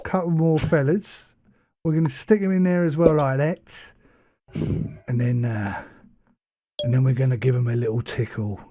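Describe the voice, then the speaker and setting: A man's voice: mid-range voice, steady tone, normal speed, pauses often, dark tone. A British man hosting a casual gameplay session, teasing his opponent with playful trash talk. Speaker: host.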